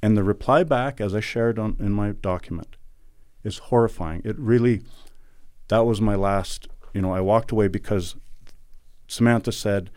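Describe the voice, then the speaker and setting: A man's voice: on the low side, normal speed, darkish tone, no echo, studio quality. A middle-aged man from Alberta, Canada, a podcast guest recounting events in an earnest, indignant and emphatic way. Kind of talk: conversational interview storytelling.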